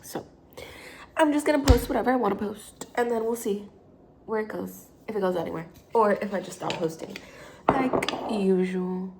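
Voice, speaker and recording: Recorded on a low-held phone with background noise, a vlogger in her twenties chats while brewing coffee at home. She sounds tired and hungover, rambling with many fillers and correcting herself, in a medium-pitched voice at a normal pace.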